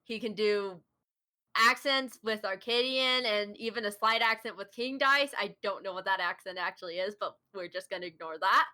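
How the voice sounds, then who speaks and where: A woman's voice: medium pitch, moderate pace, pushed and bright. A woman hosting a casual chat, talking about a creator she admires with eager, giggly enthusiasm. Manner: enthusiastic, giggly fan talk. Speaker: host.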